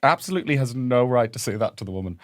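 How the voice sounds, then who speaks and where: A man's voice: mid-range voice, quick pace, dry recording, studio quality. A young man co-hosting a podcast, chatting casually and slipping into impressions as he tells stories. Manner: animated storyteller, lots of impressions. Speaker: podcast co-host. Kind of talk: casual comedic chat.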